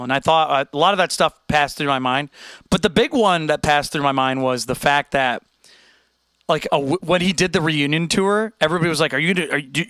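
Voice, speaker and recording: A man's voice: on the high side, fairly bright tone, smooth, dry recording. A man hosting a casual livestream chat, rambling and laid-back, laughing often. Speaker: streamer host.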